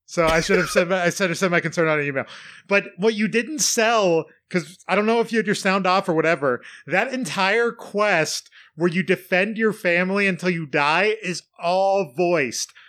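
A man's voice: high-pitched, moderate pace, a bit bright. A man co-hosting a podcast, chatting casually and animatedly about a video game, laughing and swearing. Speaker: podcast co-host. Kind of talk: casual gaming chat.

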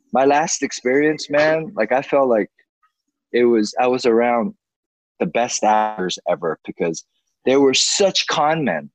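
A man's voice: medium pitch, no echo, lo-fi sound. A man in his forties in casual chat, ranting heatedly and swearing freely. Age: 40s.

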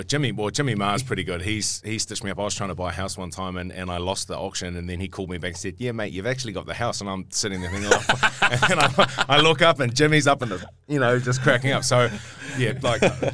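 A young New Zealand man, a rugby player under interview, tells a rambling story with many restarts and repeated words. His lowish voice is bright and forceful, moving quickly with few pauses, over slight background noise.

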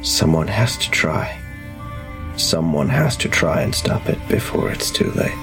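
A man's voice: a bass voice, takes it slowly, over music, voice pushed down. A man voicing a broken, frightened male asylum patient who pleads and repeats himself in a tabletop horror game. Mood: grim.

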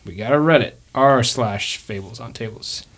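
A man's voice: medium pitch, normal speed, a bit bright. A man hosting a tabletop game podcast, talking in a playful, joking way. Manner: playful, jokey, slips into character voices. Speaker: podcast host and player.

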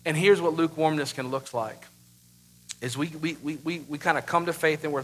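A man in his thirties preaching a sermon as pastor, emphatic, with sudden loud bursts and rhetorical questions. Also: a little high, fairly even intonation, fairly quick, breathy edge.

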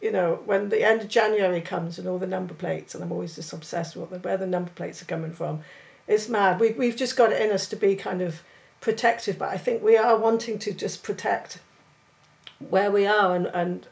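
A Cornish woman talks in a casual, chatty way, telling stories with lively emphasis. Her voice has a gravelly, fry-edged texture. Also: medium pitch. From Cornwall. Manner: chatty, animated storytelling. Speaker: writer. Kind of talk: casual podcast conversation.

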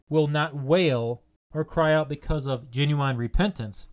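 A man delivers a sermon in a fairly high voice. He presses his listeners with earnest, repeated questions and leans hard on the key points. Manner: earnest, repetitive rhetorical questions. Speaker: preacher.

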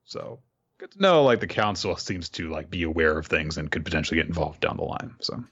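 A man's voice: very deep voice, lively intonation, a little fast, fairly bright tone, breathy edge, lo-fi sound. A man hosting a podcast, chatting through a recap of an anime episode and laughing as he retells the scenes. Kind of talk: casual recap.

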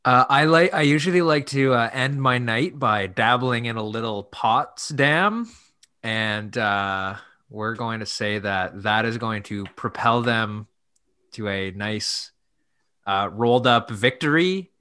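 A man's voice: medium pitch, takes it slowly, pushed and bright, clean tone. A man co-hosting a casual football podcast, rambling through goofy tangents before giving his pick. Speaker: podcast co-host. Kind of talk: casual sports chat.

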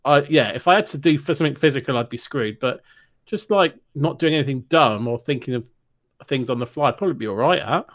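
A man's voice: medium pitch, lively intonation, fast. A man chatting as a podcast guest, wry and amused. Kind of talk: casual banter.

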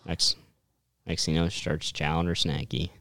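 Deep-voiced teasing man, casual chat. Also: little pitch movement, normal speed, sharp tone, no room sound, studio quality. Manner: teasing, drawling storyteller. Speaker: podcast co-host.

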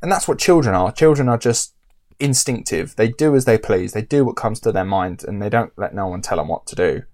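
A man's voice: on the low side, animated, a little fast, a little mellow. Swearing man telling a story. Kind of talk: casual chat.

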